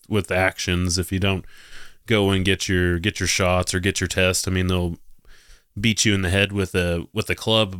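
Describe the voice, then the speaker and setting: Sarcastic low-voiced male podcast host. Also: a bit bright, clean tone, no echo, studio quality. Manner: sarcastic and mocking, with frequent laughs and restarts. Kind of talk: casual commentary.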